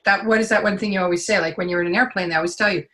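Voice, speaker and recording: A woman's voice: medium pitch, racing. Chatty woman sharing a testimonial. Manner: chatty, animated storyteller. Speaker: client giving a testimonial. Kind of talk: casual conversation.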